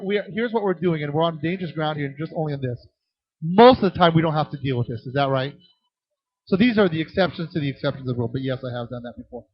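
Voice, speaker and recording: A man with a fairly high voice leads a children's ministry workshop and fields questions from the audience. He talks in an animated way and often restarts his sentences. The recording is dry and dull, like a lo-fi conference tape. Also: no echo. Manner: animated, acts out voices in anecdotes, frequent restarts.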